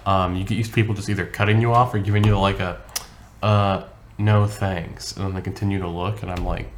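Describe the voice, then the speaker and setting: A man's voice: low voice, flat delivery, fairly quick, slight background noise. A young man co-hosting a podcast, chatting casually and telling stories with a chuckle. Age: young adult. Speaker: podcast co-host. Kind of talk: casual chat.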